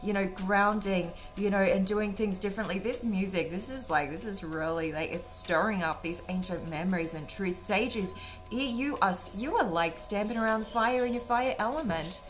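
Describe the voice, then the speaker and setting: A woman's voice: medium pitch, moderate pace. A woman doing a casual tarot reading for viewers, rambling and affectionate, calling them sweetheart and darling. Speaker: tarot reader. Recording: faint drum music underneath. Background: faint drum music.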